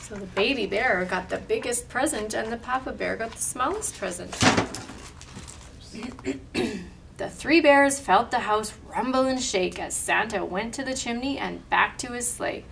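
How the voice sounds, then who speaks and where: Storytime reader, woman, slightly high voice, animated, expressive. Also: measured pace, creaky, distant mic, noisy background. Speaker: storyteller and craft leader. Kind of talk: storybook read-aloud.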